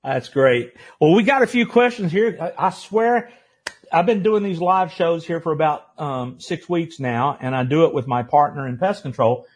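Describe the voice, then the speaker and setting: A man with a husky voice, pitched a little high, hosts a live interview show. He chats in a loose, rambling way and restarts his sentences often, reading out viewer questions. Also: lively intonation, normal speed. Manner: chatty, rambling, with many restarts. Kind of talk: live-stream interview hosting.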